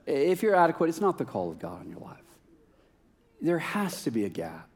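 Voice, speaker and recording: A middle-aged man delivers a sermon as a lively personal story. His pitch swings widely as he acts out both sides of a conversation, with self-mocking humor. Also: moderate pace, husky. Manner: animated, self-mocking, acts out dialogue with rising laughter. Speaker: preacher.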